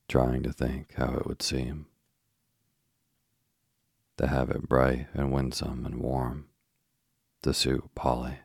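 A man with a very deep, gravelly voice narrates a bedtime story. His reading is slow, soft and flat in tone. The recording is close and dry, with no room sound. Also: no room sound. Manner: soft, even, unhurried.

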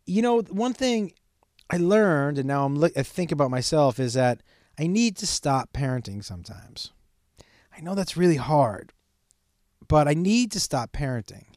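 A man's voice: on the high side, darkish tone, no room sound. Candid swearing man, dry close sound. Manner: candid, rambling, swears often. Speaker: podcast host. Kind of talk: solo podcast monologue.

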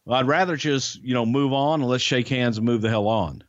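A man co-hosting a podcast, swapping backstage stories in a relaxed, rambling way. His voice is mid-pitched, recorded close and dry with a slightly dull, lo-fi tone. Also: brisk, dry recording. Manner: relaxed anecdotal telling with hedges. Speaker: podcast co-host, former wrestling insider. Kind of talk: casual storytelling chat.

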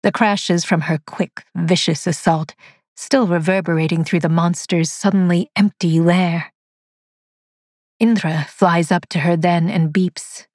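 A woman narrating a dark science-fiction story in a measured, deliberate way. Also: on the low side, steady tone, no echo, studio quality.

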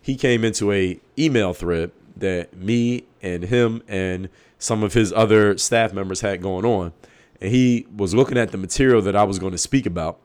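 A man's voice: fairly low pitch, moderate pace, a little mellow. A man hosting his own show, talking bluntly and emphatically in a casual monologue, swearing freely. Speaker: podcast host.

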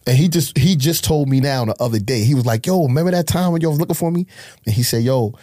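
Animated New storyteller with a mellow voice. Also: male voice, quick pace, no room sound, studio quality. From Harlem, New York. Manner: animated street storyteller, acts out quotes with big pitch jumps. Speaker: guest telling his life story. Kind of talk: casual storytelling interview.

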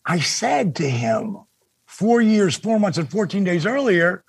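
An older man with a gravelly, husky voice, pitched a little high for a man, tells stories as a podcast guest. He gets animated and swears freely. The recording is close and dry. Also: measured pace, dry recording. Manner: animated, swears freely, acts out quoted dialogue. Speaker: podcast guest, former wrestler. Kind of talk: casual podcast storytelling.

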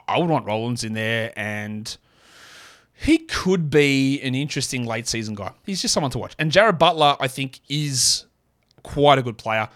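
Man, podcast host, opinionated, self-deprecating, mid-pitched voice. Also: a bit bright. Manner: opinionated, quick asides, self-deprecating jokes. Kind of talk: solo fantasy basketball podcast.

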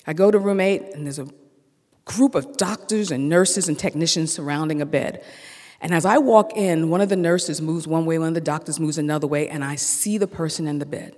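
A storyteller on a theater stage, telling a personal story with animated energy and acting out each exchange of dialogue. The voice carries a long hall reverb, and its pitch sits in the middle of the usual range. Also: a little fast.

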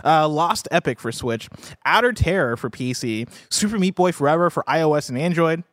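A man's voice: on the high side, animated, fairly quick, a bit bright, dry recording, studio quality. A man co-hosting a casual gaming news talk show, chatting loosely with lots of fillers and reading out a release list. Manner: loose and chatty, frequent fillers, laughs easily.

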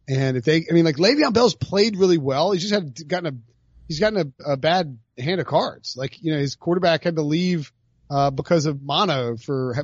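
A man's voice: fairly high pitch, dry recording, lo-fi sound. A man hosting a podcast, chatting casually about football picks with jokey asides. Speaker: podcast host. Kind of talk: casual sports betting chat.

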